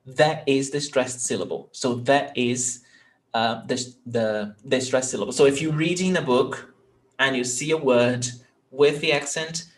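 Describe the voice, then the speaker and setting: A man's voice: medium pitch, measured pace. A man, teaching an online language lesson patiently, repeating words and checking in with "ok?". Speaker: Portuguese teacher.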